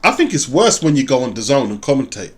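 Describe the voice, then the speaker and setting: A man in a casual boxing chat, animated and laughing, full of slang. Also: medium pitch, fairly quick. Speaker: boxing show co-host.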